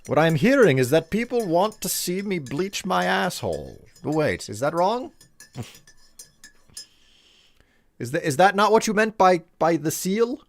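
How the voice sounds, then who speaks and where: A man's voice: on the high side, sing-song, unhurried, vocal fry, long pauses. A young man from the Upper Midwest chatting casually and joking while reading his live stream's chat.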